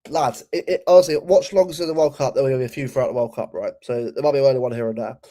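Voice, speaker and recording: A man's voice: mid-range voice, fairly even intonation, fast, mellow. A young man giving a heated, sweary football rant, often repeating and restarting his words. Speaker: football channel host.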